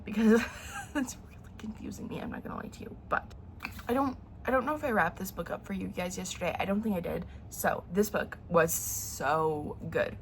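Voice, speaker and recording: A woman's voice: on the low side, slight background noise. Nasal-sounding woman chatting about books. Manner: chatty and emotional, full of fillers and restarts. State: congested, nasal-sounding from a sore throat. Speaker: book vlogger. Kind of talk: casual chat.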